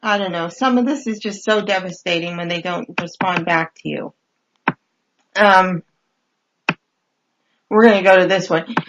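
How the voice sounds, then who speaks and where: A woman telling funny stories in a casual, wry, deadpan way, full of hesitant fillers, as she reads out messages she got on a dating site. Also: fairly low pitch, unhurried, long pauses, muffled recording, noisy background. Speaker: podcast host reading dating-site messages. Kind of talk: casual comedic storytelling.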